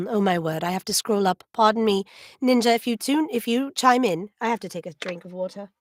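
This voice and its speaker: A woman's voice: mid-range voice, moderate pace, no echo, clean studio sound. A woman voice actor chatting politely with viewers on a livestream while she draws, with slightly formal wording and little laughs. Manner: chatty, with frequent little laughs and throat clearing. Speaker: voice actor hosting a livestream signing. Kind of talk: casual livestream chat.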